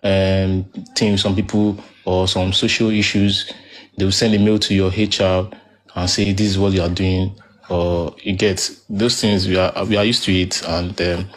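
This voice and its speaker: Low-voiced hesitant man. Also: level tone, normal speed. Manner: hesitant, many fillers and restarts. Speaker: live audio room speaker. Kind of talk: casual discussion.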